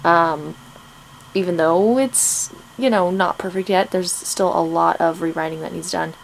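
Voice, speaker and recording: A woman's voice: on the low side, unhurried, vocal fry, a little hiss or hum, low-quality recording. A woman writer chatting casually about her writing progress, rambling with plenty of ums and frequent laughs. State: out of breath. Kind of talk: casual chat to camera.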